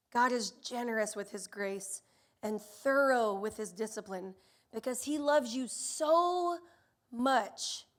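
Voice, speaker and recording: A woman in her thirties preaching a sermon, telling stories in an animated way and acting out the voices of the people in them. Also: fairly high pitch. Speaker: pastor.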